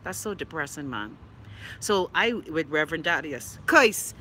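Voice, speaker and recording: A woman's voice: sits low, big pitch swings, measured pace, pushed and bright. A Bahamian woman hosting a casual live stream, reading viewer comments in a blunt, sassy, profane way, her throat scratchy from pollen.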